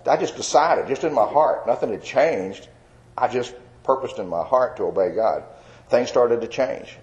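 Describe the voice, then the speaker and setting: A man's voice: fairly low pitch, a little mellow, muffled recording. An older man tells his faith testimony in a folksy, rambling way, full of fillers. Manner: folksy storyteller with many fillers. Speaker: Christian artist telling his testimony. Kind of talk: personal testimony.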